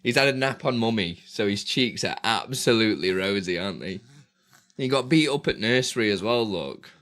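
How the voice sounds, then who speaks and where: A British man talks on a live stream from a small, dusty room at home, close to his desk microphone. He is chatty and easygoing, laughs a lot, and keeps drifting into sing-song baby talk. His pitch bounces up and down a lot. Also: lively intonation, normal speed, fairly bright tone. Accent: British English. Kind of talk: casual live-stream chat.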